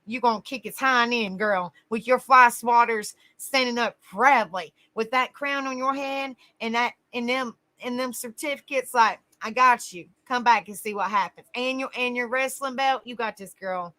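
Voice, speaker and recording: Bright-voiced woman greeting her livestream chat. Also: fairly high pitch, moderate pace, hardly any pauses. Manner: warm greetings to chat viewers, calling them honey. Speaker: livestream host.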